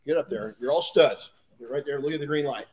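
A man's voice: mid-range voice, a little fast, darkish tone, slightly rough. A middle-aged man hosting a podcast, talking casually and folksily with frequent restarts. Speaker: podcast host. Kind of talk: casual motivational talk.

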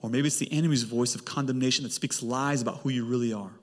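A male pastor preaching a sermon with emphatic delivery and big swings in pitch. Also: fairly even intonation, fast. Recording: long hall reverb.

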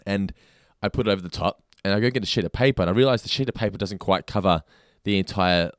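A young Australian man co-hosting a podcast, telling animated stories and acting out his own thoughts. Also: on the low side, fast, dry recording, studio quality. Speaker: podcast co-host. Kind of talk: casual chat.

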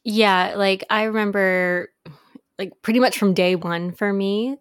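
A woman co-hosts a podcast in relaxed conversation. She talks in a chatty, openly emotional way and laughs often. Her voice sits at an ordinary pitch and is recorded dry and close, with little room sound. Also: a little slow, smooth, dry recording. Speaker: podcast co-host. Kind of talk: casual podcast chat.

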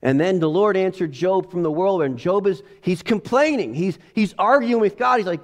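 A man preaching a sermon, moving between quiet reflective passages and loud, rising exclamations. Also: sits high, moderate pace, few pauses. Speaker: pastor.

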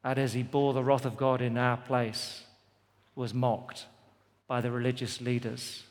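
A man's voice: medium pitch, flat delivery, unhurried. A man delivers a sermon with a mid-range voice and an emphatic, repeating cadence. His voice carries a long reverb, as in a large venue. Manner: emphatic, repetitive preaching cadence. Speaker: preacher. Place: festival venue.

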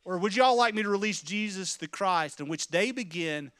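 A male preacher tells a vivid story in sermon style, his voice high and bright. He swings between quiet, low passages and loud, shouted moments. The sound is dry and close, with no room echo. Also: animated, moderate pace, smooth. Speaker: pastor.

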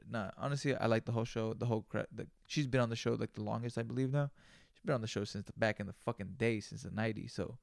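A man with a gravelly, fry-laden voice rambles through a casual solo podcast rant, high and full of slang and swearing. The sound is close and dry, with no room around it. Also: a little mellow, no echo. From United States. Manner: profane, loose, slangy ranting. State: high on cannabis.

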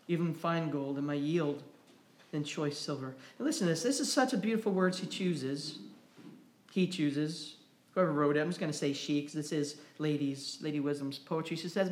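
A man delivers a sermon in a church sanctuary, his voice sitting high for a man. He speaks plainly through scripture and stories, then rises and grows loud and impassioned when he presses a point. The sound carries a roomy echo from the hall. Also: moderate pace. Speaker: pastor.

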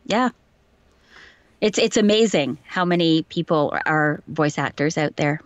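A fairly low-voiced woman talks casually about her voice acting work, laughing easily as she tells stories. The sound is dry and a little dull, with no room around it. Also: a little slow, no room sound. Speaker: voice actor guest. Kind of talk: casual interview chat.

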